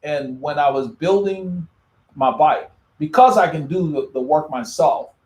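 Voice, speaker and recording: A man's voice: fairly high pitch, a little slow, a little mellow. Rambling man in an echoey room. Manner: rambling, repeats words and restarts often. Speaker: cycling channel host. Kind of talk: casual live chat answering viewer comments.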